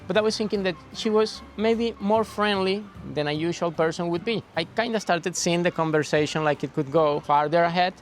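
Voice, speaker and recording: A man's voice: sits high, a little hiss or hum. A young man from Venezuela, earnestly telling his side of how the couple met. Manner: earnest, insistent, laughs easily. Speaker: co-host of couple vlog. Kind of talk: casual storytelling.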